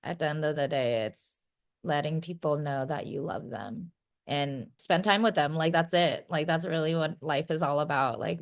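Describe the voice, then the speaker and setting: Frank, casual woman giving advice. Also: sits low. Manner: frank, conversational, many "you know" and "like" fillers. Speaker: podcast guest.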